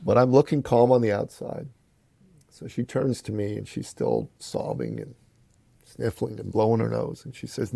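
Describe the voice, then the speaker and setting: A man's voice: moderate pace, vocal fry, no room sound. A man telling a personal story as a podcast guest, acting out the voices he quotes, calling the listener brother. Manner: animated storyteller, acts out quotes with big pitch jumps.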